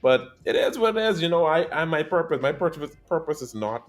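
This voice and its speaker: A man hosting a casual anime podcast, telling stories in an animated way that swings between loud and quiet. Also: on the high side, fairly quick, soft background music. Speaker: podcast host.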